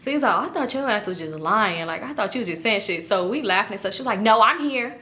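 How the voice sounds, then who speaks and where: A woman's voice: mid-range voice, lively intonation, fast talker, pushed and bright. A young woman vlogger telling a casual storytime, animatedly acting out her friends' lines.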